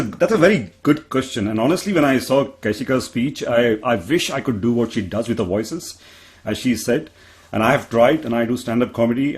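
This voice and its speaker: A man from India with an Indian accent, answering as a panelist in a discussion, earnest and self-deprecating, often restarting his sentences. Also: mid-range voice. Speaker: panelist, public speaker.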